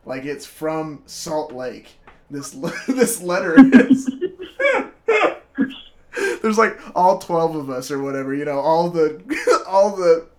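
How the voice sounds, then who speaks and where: A man's voice: fairly high pitch, expressive, takes it slowly. A young man in his twenties telling a story in casual chat, laughing often, swearing and acting out quotes.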